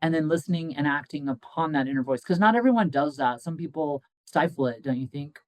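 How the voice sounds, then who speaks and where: A man hosting an interview, reflecting on what guests say and gently probing with soft affirmations. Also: fairly high pitch, lively intonation, fairly quick, no echo, poor audio. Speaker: host.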